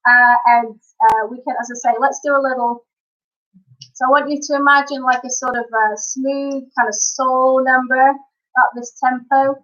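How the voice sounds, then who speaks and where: A woman hosting a live stream, chatting to viewers in an upbeat way with quick asides. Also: high-pitched, steady tone, a bit bright. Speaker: live-stream singer and entertainer. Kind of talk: casual live-stream chat. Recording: dull lo-fi stream audio.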